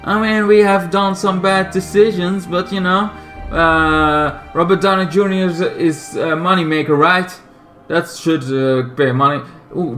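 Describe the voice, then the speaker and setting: A man's voice: high voice, a bit bright, voice pushed up. A man putting on the voice of a greedy, clueless male studio executive, mocking and sarcastic.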